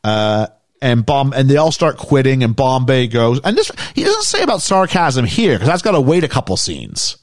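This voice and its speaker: A man's voice: mid-range voice, huge pitch swings, normal speed, dry recording, clean studio sound. A man hosting a casual podcast chat, recapping a movie in a jokey, storytelling way. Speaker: podcast host recapping a film.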